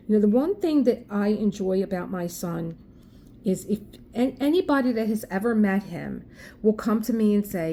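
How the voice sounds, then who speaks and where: A woman's voice: mid-range voice, expressive, normal speed, mellow, a little hiss or hum. A woman from South Philadelphia with a Philadelphia accent, chatting on her craft vlog and telling a story in an indignant, emphatic way with repeated restarts. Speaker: craft vlogger. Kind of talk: casual chat, telling a story.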